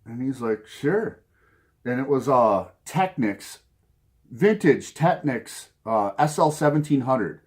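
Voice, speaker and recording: A man's voice: medium pitch, lively intonation, unhurried. A man from Minnesota with a Minnesota accent, talking casually to camera from his home music room, rambling and chuckling at his own asides. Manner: rambling, chuckles often, self-mocking asides. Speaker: vinyl collecting vlogger.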